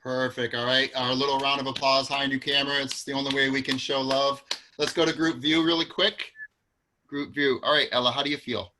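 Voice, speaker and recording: A man's voice: medium pitch, flat delivery, brisk, pushed and bright, slight background noise. A man hosting a live acting class over a video call, encouraging and introducing guests at length. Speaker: acting school host.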